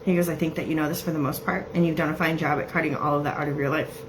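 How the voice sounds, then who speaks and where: A woman giving a casual psychic reading, chatty and laughing often as she quotes messages in quick bursts. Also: low-pitched, fairly even intonation, noisy background. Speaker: psychic medium.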